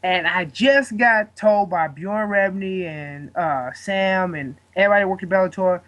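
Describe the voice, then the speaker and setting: A man's voice: sits high, moderate pace, a bit bright. Rambling, profane young man telling a story. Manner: profane, rambling, lots of fillers. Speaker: guest fighter. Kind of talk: casual storytelling.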